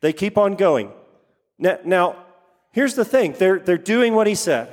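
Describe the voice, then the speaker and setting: A man's voice: high voice, sing-song, unhurried, big-room sound. A man preaching a sermon, repeating key phrases for emphasis and putting questions to his congregation. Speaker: pastor.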